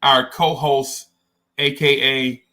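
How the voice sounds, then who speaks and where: A man hosting a podcast, chatting casually about sports in an animated, digressive storytelling way. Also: medium pitch, takes it slowly. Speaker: podcast host.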